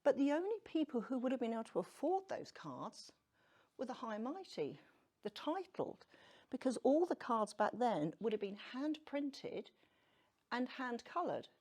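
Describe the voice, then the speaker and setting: A woman's voice: fairly high pitch, sing-song, moderate pace, darkish tone. Chatty woman giving a talk. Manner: chatty and self-deprecating, asks the audience questions. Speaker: tarot speaker giving a public talk. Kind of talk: casual lecture to a live audience. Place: venue room with an audience.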